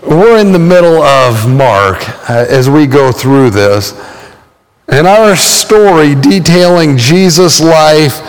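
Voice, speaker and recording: Pastor, man, slightly high voice, relaxed storytelling sermon with fillers, long church reverb. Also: slow pace, clean tone. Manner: conversational storytelling with frequent fillers, acting out quoted voices.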